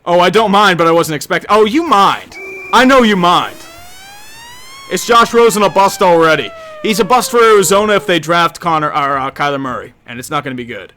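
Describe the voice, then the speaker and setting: Faint music plays behind a young man's high, expressive voice, which sounds pushed and bright. He's live-streaming a game and replying to chat with rambling, sarcastic humor.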